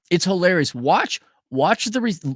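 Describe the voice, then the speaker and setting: A man's voice: high-pitched, sing-song, slow pace, husky, no echo, studio quality. A man hosting a casual livestream who reads out viewer donations and answers them in a blunt, sarcastic and profane way. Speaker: show host reading viewer donations.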